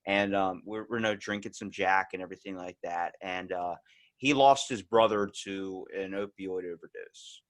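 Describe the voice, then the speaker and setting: A man's voice: sits low, normal speed. Rambling young man hosting a podcast. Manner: candid, rambling storytelling with lots of "like". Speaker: podcast host. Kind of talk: casual podcast chat.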